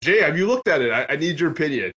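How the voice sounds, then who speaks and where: A man's voice: fairly high pitch, very animated, very fast, sharp tone. Enthusiastic swearing man. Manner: enthusiastic, swears, laughs often. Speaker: podcast co-host. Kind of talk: casual chat. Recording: slightly dull audio.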